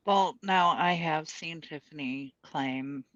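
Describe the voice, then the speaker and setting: A co-host on a casual chat show who speaks in a hesitant way, with many pauses. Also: mid-range voice, a bit bright, no room sound. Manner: slow, hesitant. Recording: dull dry mic.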